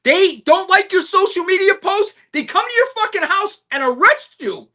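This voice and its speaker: A woman's voice: very high voice, lively intonation, normal speed, sharp tone. A woman co-hosting a podcast, delivering a fired-up, profane political rant with emphatic repetition. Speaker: podcast co-host.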